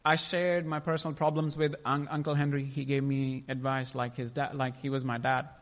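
A man's voice: mid-range voice, little pitch movement, normal speed, big-room sound. A young man sharing a personal faith testimony, emotional and rambling, often stopping to restart his sentences. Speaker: testimony speaker.

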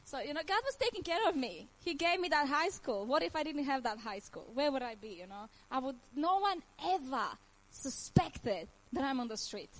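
A Croatian woman in her thirties gives her faith testimony in emotional, earnest English with nonnative grammar and frequent laughs. She speaks at normal speed with a high voice, big pitch swings, and hardly any pauses, and the audio is poor.

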